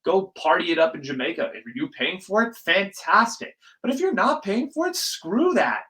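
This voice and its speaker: A young man hosting his own podcast, ranting casually and emphatically and swearing freely as his voice jumps between loud and quiet. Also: sits high, huge pitch swings, normal speed, poor audio. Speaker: podcast host. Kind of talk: casual solo podcast rant.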